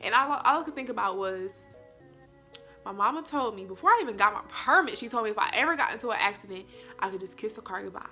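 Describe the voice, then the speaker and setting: A young woman, telling viewers a story in an animated, chatty way. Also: medium pitch, fast, faint music behind. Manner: animated, addresses viewers as y'all. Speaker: vlogger. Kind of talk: storytime vlog.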